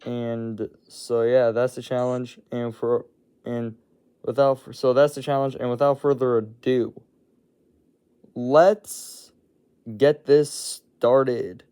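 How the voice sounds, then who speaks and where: A man's voice: medium pitch, level tone, measured pace, mellow, clean tone. A young man casually opening his video as host, rambling and tripping over his words.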